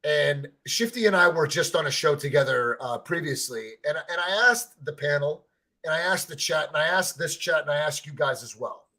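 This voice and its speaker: Husky, rambling man. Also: fairly high pitch, normal speed, pushed and bright. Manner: rambling storyteller, repeats words, swears freely. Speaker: co-host of a fan reaction stream. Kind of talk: excited casual chat.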